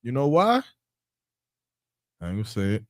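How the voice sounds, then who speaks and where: A man's voice: mid-range voice, wildly swooping pitch, normal speed, dry recording, clean studio sound. A man co-hosting a podcast in casual chat, preaching his point and acting out the voices of the people in his stories. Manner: preachy, acts out quoted voices. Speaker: podcast co-host.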